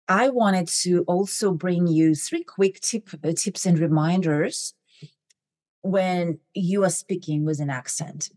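A middle-aged woman with a foreign accent delivers a motivational talk in a low, mellow voice. She speaks quickly, clips the ends of her words and leans on "right?" and "you know" as fillers. The sound is dry and close. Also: dry recording. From immigrant to the US. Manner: fast talker who swallows word endings, frequent fillers like "right?" and "you know". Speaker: podcast host.

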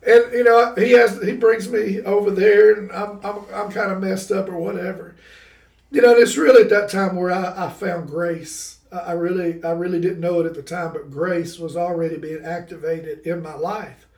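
A man telling a story from his childhood in a casual chat, animated and laughing as he tells it. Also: high-pitched, moderate pace, vocal fry, recorded from a distance. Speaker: guest. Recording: roomy sound, away from the mic.

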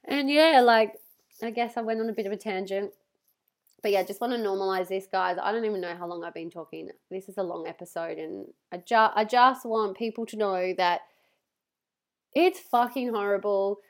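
A woman's voice: medium pitch, normal speed. Candid sweary young woman podcaster. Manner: candid, sweary, animated retelling with voiced quotes. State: snotty nose from crying. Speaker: podcast host. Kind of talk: casual personal monologue.

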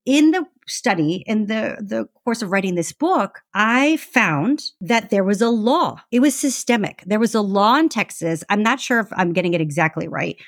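A woman talking as a podcast guest and author, chatty and animated, with lots of fillers. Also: mid-range voice, no room sound, studio quality. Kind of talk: casual conversational interview.

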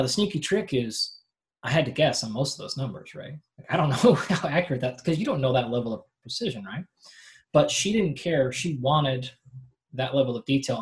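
Male coach guest, animated conversational explainer, lots of fillers, mid pitch. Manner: animated explainer, acts out athletes' voices; frequent filler "like" and restarts. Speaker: performance coach, podcast guest. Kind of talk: casual interview conversation.

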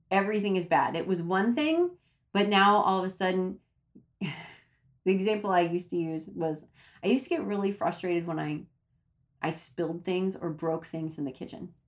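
A woman speaking casually to her viewers, giving self-help advice in a chatty way and repeating words for emphasis. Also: fairly low pitch.

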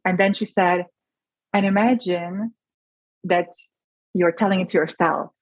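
A woman physician talks with earnest emotion in a podcast interview, often restarting her sentences. Her voice sits a little low and has a husky edge. The sound is dry and close. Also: steady tone, measured pace, dry recording, highs cut off. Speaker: physician guest.

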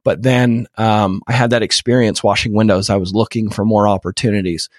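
A man's voice: fairly low pitch, steady tone, a little fast, dry recording, studio quality. Earnest man telling a candid story. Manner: many repeated false starts, emotional and earnest. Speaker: podcast guest, real estate investor. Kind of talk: candid personal story in a podcast interview.

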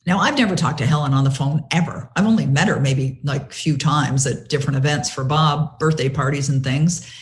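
Her voice rumbles low and she talks fairly quickly as this woman, an author appearing as an interview guest, spins a story. She's animated, quoting others' words with relish and peppering her speech with fillers and restarts.

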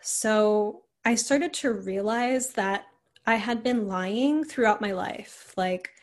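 Young woman, podcast guest, rambling casual storytelling, lots of filler words, mid-pitched voice. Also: slow pace. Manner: rambling, heavy use of "like" and "you know".

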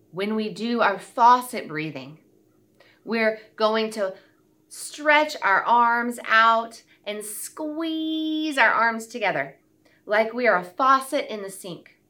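A woman leading a children's circle time, gently speaking and singing nursery rhymes and songs. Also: medium pitch. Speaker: children's teacher.

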